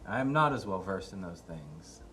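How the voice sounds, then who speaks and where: Deep-voiced deadpan teasing man. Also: moderate pace, a little hiss or hum. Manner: dry teasing deadpan humor. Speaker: partner joining the vlog. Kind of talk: casual banter.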